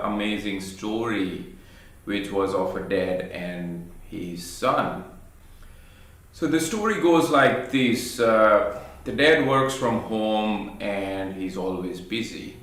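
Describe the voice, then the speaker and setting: A man telling a personal parenting story as a thoughtful reflection, pausing with hesitant fillers. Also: lowish voice. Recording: very echoey room.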